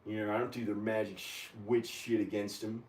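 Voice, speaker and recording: Low-voiced man rambling in an echoey room. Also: little pitch movement, fairly quick, a little mellow, a little hiss or hum. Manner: rambling, agitated. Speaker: video maker. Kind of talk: rambling monologue. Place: at home, kitchen. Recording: echoey room, camera far from the mouth.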